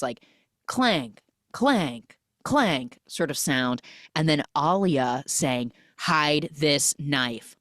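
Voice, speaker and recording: A woman recapping a film plot on a podcast in a casual, animated way, acting out characters and sound effects with lots of "like". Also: sits low, no echo, clean studio sound. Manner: animated retelling, acts out characters and sound effects, many "like" fillers.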